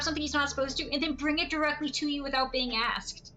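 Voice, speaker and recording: A woman streamer chats casually while she plays, rambling from one story to the next and laughing often. Her voice is bright and sharp and sits fairly high. She is recorded at a home streaming setup. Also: fairly even intonation, moderate pace, pauses often, poor audio. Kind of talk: casual chat while gaming.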